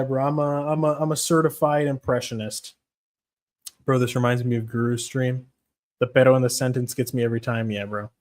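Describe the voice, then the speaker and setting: A man's voice: medium pitch, darkish tone. A young man chatting casually on a stream, rambling, swearing freely and laughing often. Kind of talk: casual MMA stream chat.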